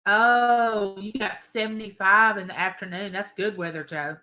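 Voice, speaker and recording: Older woman, live-stream host, bright, rambling and chatty. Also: medium pitch, steady tone, normal speed, poor audio. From Mississippi. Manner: friendly, greets viewers by name, rambling.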